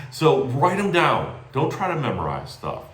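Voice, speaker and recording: An energetic man coaches a team on sales calls and often checks in with "right?". His pitch swings widely as he talks. The voice rings in an echoey room. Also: normal speed. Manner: energetic, animated, tags lines with "right?". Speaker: sales call trainer. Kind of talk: training talk.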